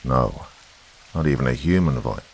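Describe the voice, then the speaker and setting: A man narrating a first-person horror story in a slow, hushed storytelling manner. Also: extremely low pitch, expressive, slightly rough. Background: faint rain and hiss.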